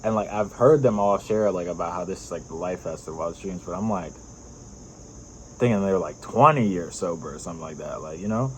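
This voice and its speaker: A young man tells a personal story in a loose, rambling vlog style, stacking fillers and breaking into laughter. His voice sits low. Faint crickets and insects hum in the background. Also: fairly quick, low-quality recording. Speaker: vlogger.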